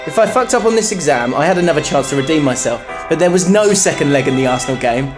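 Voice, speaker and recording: A man's voice: on the high side, expressive, quick pace, music in the background. Jokey man reading listener stories. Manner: reads listener stories aloud, jokey and swearing. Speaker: podcast co-host. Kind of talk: casual football podcast chat.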